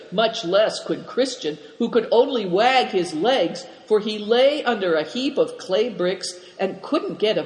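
Measured storybook narrator; mid pitch, long hall reverb. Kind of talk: storybook reading.

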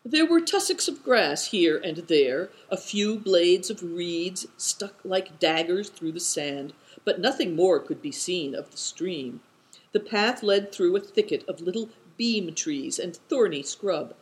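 An audiobook narrator reading an adventure tale. The delivery is measured and descriptive, and the pitch rises and falls expressively. The voice sits in a middle register. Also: lively intonation, low-quality recording.

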